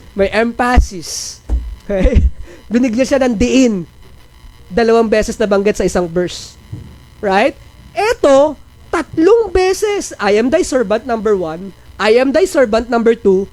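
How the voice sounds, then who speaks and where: A man's voice: very high-pitched, a little mellow, rough recording. Filipino male pastor, conversational preaching style, quizzes his listeners, jokes between points. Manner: preaching in mixed Tagalog and English, rhetorical questions, joking asides. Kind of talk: sermon. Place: church.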